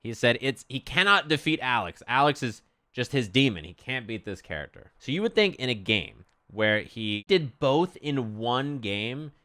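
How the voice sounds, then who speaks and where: A man's voice: medium pitch, very animated, normal speed, bright, forceful tone. A man streaming, chatting casually and animatedly, swearing freely and acting out quotes.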